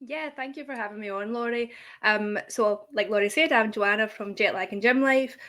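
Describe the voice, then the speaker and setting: A woman's voice: mid-range voice, normal speed, bright, forceful tone. A young woman, a guest creator in a casual interview, friendly and laughing often as she explains. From United Kingdom.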